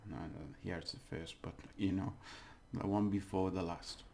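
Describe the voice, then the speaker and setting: Gravelly-voiced man teaching pronunciation. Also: deep voice, fairly even intonation, moderate pace, a little mellow. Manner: chatty, exaggerates words to demonstrate, laughs at own slips. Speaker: language teacher. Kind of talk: casual video lesson.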